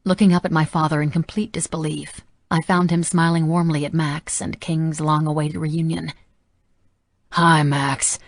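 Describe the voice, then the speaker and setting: A woman narrating a romance audiobook softly and intimately. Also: low voice, level tone, normal speed, hardly any pauses, no echo. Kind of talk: scripted narration.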